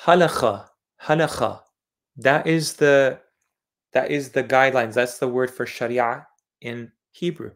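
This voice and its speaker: An Eastern European channel host speaks in a steady, medium-pitched voice at a measured pace during a livestreamed religious monologue. Lecturing insistently, he repeats key words several times as he explains them, pressing each point home.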